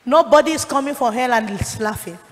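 A woman evangelist, preaching a forceful, rebuking sermon. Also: on the high side, a little fast. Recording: long reverb of a conference hall.

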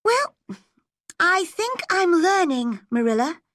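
Storybook girl, high and bright, put on by a woman reader, proud, dramatic. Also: big pitch swings, takes it slowly, no echo, clean studio sound, full character voice. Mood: earnest.

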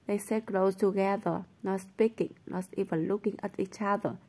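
A woman narrating a novel aloud in a soft reading voice that turns whispery at times. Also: medium pitch, steady tone, moderate pace.

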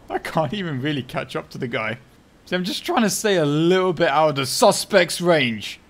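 Sarcastic guy talking over his flight game, slangy, slightly high voice, goes from mumbling to yelling. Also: animated, normal speed. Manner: chatty and sarcastic, swinging from mutters to loud outbursts, heavy slang. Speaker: video game commentator. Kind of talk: live gameplay commentary.

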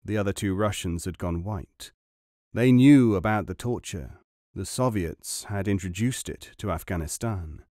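A man reading an audiobook in a measured, even storytelling voice. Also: low voice, no room sound, clean studio sound. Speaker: audiobook narrator. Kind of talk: scripted audiobook narration.

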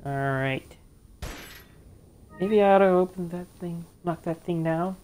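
A woman doing let's play commentary, frustrated, cursing and shouting at the game. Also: lowish voice, measured pace. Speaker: gamer. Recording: noisy background ambience.

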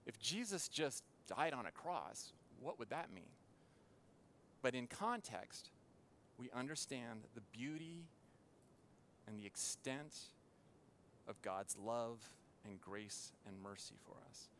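A man preaching a sermon in a church as pastor, earnest and with dramatic pauses. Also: medium pitch, big pitch swings, fairly bright tone, slight background noise.

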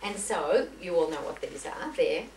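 In a lecture room, a woman piano teacher lectures other teachers in a chatty, anecdotal style, restarting and correcting herself often. Her low, expressive voice moves at normal speed and is heard from far off in an echoey space, with crowd noise and a faint hiss.

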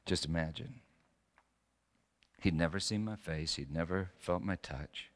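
A middle-aged male pastor preaching a sermon, telling stories with sudden loud bursts and quiet drops. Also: low-pitched, measured pace, long reverb tail.

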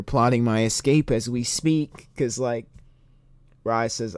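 A young man streaming a rhythm game, commenting excitedly, swearing often and laughing a lot, reading the game's dialogue aloud. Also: medium pitch, a little slow, a little hiss or hum. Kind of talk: gameplay commentary.

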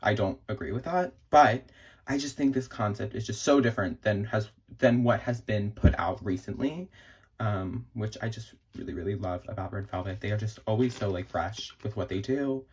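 Brief: young man, husky voice, eager fan unboxing, gasps, lots of "like". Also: on the low side, moderate pace. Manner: gushing, excitable, gasps and many fillers. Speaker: vlogger. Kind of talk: casual unboxing vlog.

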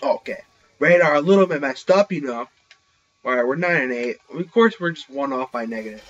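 Young man, live gameplay commentary, excitable, headset mic, slightly lo-fi sound. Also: fairly high pitch, a little fast. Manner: excitable, reacting loudly to kills. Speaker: gaming channel host. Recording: slightly dull lo-fi recording.

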